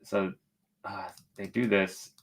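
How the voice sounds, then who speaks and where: A man's voice: fairly low pitch, little pitch movement, takes it slowly, creaky, breathy edge. A man hosting a casual travel livestream, chatty and joking as he reads viewer comments aloud. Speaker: travel channel host.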